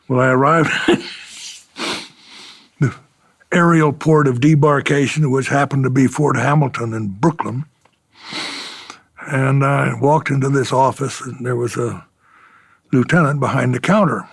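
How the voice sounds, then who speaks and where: Gravelly older man spinning war stories. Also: medium pitch, measured pace, long pauses, no echo. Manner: chuckling storyteller, acts out quoted exchanges. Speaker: retired fighter pilot telling war stories. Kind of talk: oral history interview.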